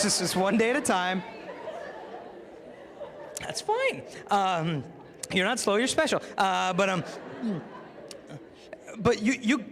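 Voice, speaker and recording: A lively young man speaks to a crowd, slipping into comic voices as he tells his stories. His voice sits a little high for a man and rings with long reverb from a big hall. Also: slight background noise. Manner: animated, acts out voices for comic effect. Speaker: youth speaker. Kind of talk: humorous inspirational talk. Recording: echoey hall.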